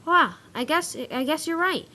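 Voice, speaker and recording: An eager little toy engine, voiced by a woman, excitable and easily upset. Its pitch sits a bit higher and leaps around a lot. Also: fairly quick. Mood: cheerful. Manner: excitable, higher than the narration.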